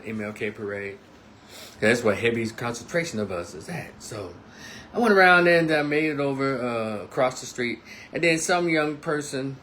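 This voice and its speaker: A man's voice: mid-range voice, a little hiss or hum. A man giving a casual monologue, telling a story and acting out the people in it. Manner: animated storytelling, acts out quotes. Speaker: commentator.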